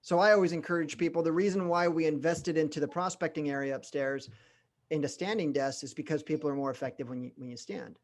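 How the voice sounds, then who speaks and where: A middle-aged man's slightly high voice carries a sales training session; he's animated, shifting between faster and slower delivery and pausing to stress points.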